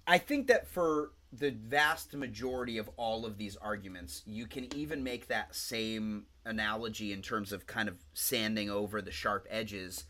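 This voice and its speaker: A man co-hosting a podcast in casual chat, telling stories in a rambling, profane, animated way. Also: fairly low pitch, moderate pace, hardly any pauses. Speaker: podcast co-host.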